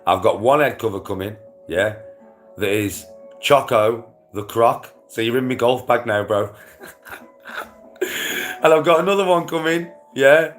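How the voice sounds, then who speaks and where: A man's voice: mid-range voice, unhurried, pauses often, soft background music. A man livestreaming casual chat to his viewers, rambling and swearing, with frequent laughter.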